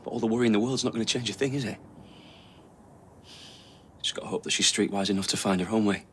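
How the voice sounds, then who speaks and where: A man's voice: fairly low pitch, fast talker, fairly bright tone, a little hiss or hum, lightly acted. A middle-aged actor playing a guilt-ridden father who talks in a subdued, weary way.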